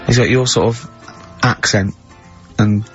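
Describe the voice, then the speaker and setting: A man hosting a radio show in a studio, telling rambling anecdotes and breaking into high-pitched laughter. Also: steady tone, measured pace, soft background music. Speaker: radio host. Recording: slightly muffled radio broadcast.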